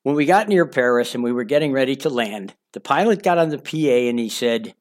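A man's voice: mid-range voice, expressive, a little fast, few pauses. Older man candidly reading his memoir. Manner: candid, conversational, addresses listener directly. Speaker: author narrating his own memoir. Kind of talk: audiobook memoir narration.

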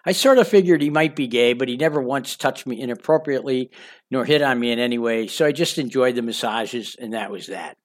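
Older man candidly reading his memoir. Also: mid-range voice. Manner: candid, conversational, addresses listener directly. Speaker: author narrating his own memoir. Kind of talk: audiobook memoir narration.

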